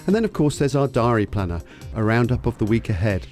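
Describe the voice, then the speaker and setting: A man's voice: mid-range voice, sing-song, fast, a little mellow, soft background music. A man hosting a local business radio show in a studio, chatty and self-deprecating, often stumbling over names. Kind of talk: casual radio talk.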